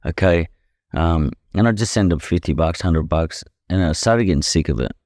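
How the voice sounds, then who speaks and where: A man's voice: low-pitched, lively intonation, normal speed, darkish tone, dry recording, clean studio sound. A young Australian man, a professional boxer, speaking candidly as a podcast guest. He talks bluntly, swears freely and keeps saying "you know". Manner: blunt and profane, leans heavily on "you know". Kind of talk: candid conversational storytelling.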